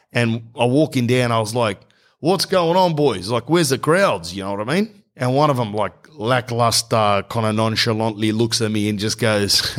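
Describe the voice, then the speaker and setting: A man's voice: lowish voice, a bit bright. Rambling Australian man telling a story. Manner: rambling, digressive, slangy. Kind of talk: comedic anecdote.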